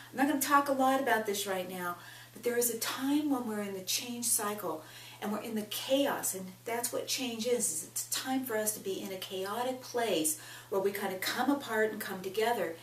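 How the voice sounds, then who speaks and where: A woman's voice: on the high side, normal speed, far from the mic. A woman teaching a self-help lesson, speaking directly to the listener and leading tapping phrases aloud. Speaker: tapping coach. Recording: echoey room, voice a bit off-mic, faint hum.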